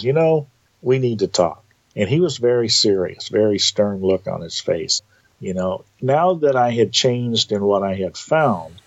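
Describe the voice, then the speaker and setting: A man telling a personal story in a casual, animated way, acting out the quoted dialogue. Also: fairly low pitch, dull audio. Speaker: guest telling of entity encounters.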